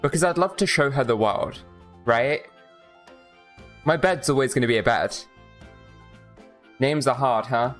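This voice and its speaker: A streamer from Minnesota giving casual, rambling commentary while playing a game, swearing often and tossing in quick asides. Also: mid-range voice, faint music behind.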